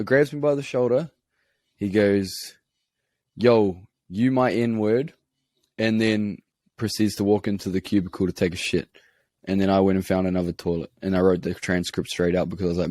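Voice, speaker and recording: A man's voice: on the low side, darkish tone, no room sound, clean studio sound. Casual, swearing New Zealand man. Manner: rambling, profane, self-mocking. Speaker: podcast co-host. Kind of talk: casual storytelling.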